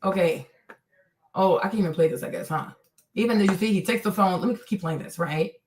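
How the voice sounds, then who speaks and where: A woman's voice: on the low side, brisk, darkish tone, a little hiss or hum. A woman hosting a show, commenting on a video and insisting on her points, repeating "you see" and "right". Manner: acts out others' lines in quoted voices. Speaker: host.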